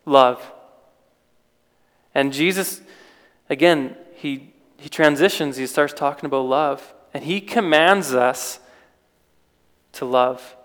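A man's voice: mid-range voice, takes it slowly, pauses often, fairly bright tone, clean tone, big-room sound. A man preaching an informal sermon in a conversational way, with restarts and rhetorical questions.

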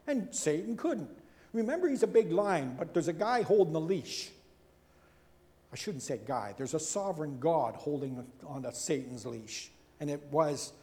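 A man preaching a sermon in a chatty, animated way, acting out the people he quotes and tossing in asides and rhetorical questions. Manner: animated, acts out quoted speakers with big swings in pitch and loudness. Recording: long hall reverb.

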